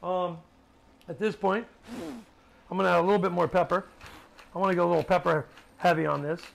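Gravelly-voiced chef demonstrating a recipe. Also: male voice, sits high, brisk. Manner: relaxed, chatty, many fillers and restarts. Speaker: chef hosting a cooking video. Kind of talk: casual cooking demonstration.

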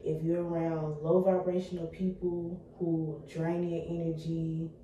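A young woman vlogging to her viewers in an excited, chatty, motivational way. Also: low voice, unhurried, very echoey, recorded from a distance, muffled recording. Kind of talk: casual vlog talk to viewers.

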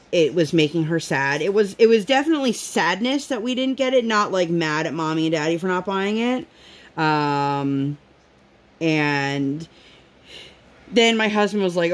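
A woman's voice: sits low, a little slow. A woman in her thirties chatting casually to viewers while crafting, telling a story with lots of fillers and acting out quotes. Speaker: vlogger.

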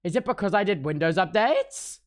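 A man's voice: high voice, big pitch swings, fairly quick, a little hiss or hum. Ranting young streamer guy. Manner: swears a lot and rants about tech trouble; repeats himself as he talks. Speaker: livestreamer. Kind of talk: casual stream chat.

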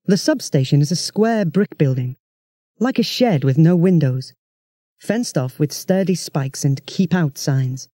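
A narrator tells a children's story in a chatty first-person voice. The tone is mellow and close, with a dry, dead sound. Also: medium pitch, expressive, measured pace, dry recording. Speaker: audiobook narrator.

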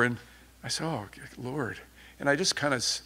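A man's voice: medium pitch, unhurried, long pauses, sharp tone. A man preaching an informal sermon, conversational and rambling with many restarts, turning fervent at times.

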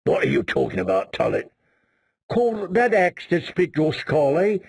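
A man voicing a gloomy, dour watchman who drawls slowly and ends his lines with "eh?". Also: sits high, huge pitch swings, voice pushed up, full character voice. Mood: dry mocking. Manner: mournful drawl, tags lines with "eh?".

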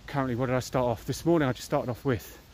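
A British man in his thirties talks casually and bluntly to a handheld camera, walking through a park. His voice is mid-pitched and slangy. Faint outdoor noise sits behind him. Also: fast talker, darkish tone. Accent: British English. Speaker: fitness vlogger.

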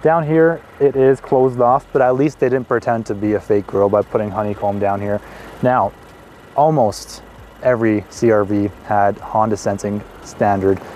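A man in his twenties hosting a car review, talking in an excitable, chatty way with casual asides as he walks around a parked car outdoors. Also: lowish voice, normal speed, a little hiss or hum. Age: 20s.

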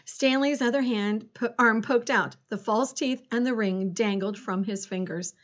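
A woman reading a children's storybook aloud in an expressive way. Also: fairly high pitch, unhurried. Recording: dull lo-fi recording.

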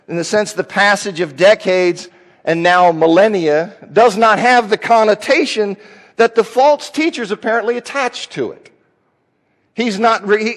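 A male preacher teaching a Bible passage in a conversational sermon, repeating key phrases for emphasis. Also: high-pitched. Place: church sanctuary. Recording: long hall reverb.

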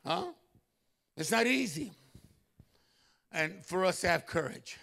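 Male pastor preaching in church; high, ringing voice, lively stories and loud exclamations. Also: slow pace, gravelly. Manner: animated storytelling with loud exclamations. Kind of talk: sermon.

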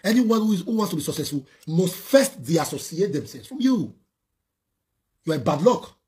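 A man's voice: high voice, very animated, normal speed, darkish tone, a little hiss or hum. A man with a Nigerian accent, a social media personality, ranting scornfully on a live video with rhetorical questions. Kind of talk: heated live-video rant.

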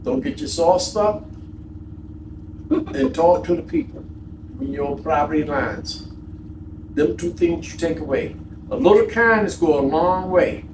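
Give me an animated, high-voiced man telling casual stories, recorded in an echoey room with faint background noise. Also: a little slow, pauses often, far from the mic. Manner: animated, acts out quoted people. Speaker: vlog co-host. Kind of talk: casual storytelling chat.

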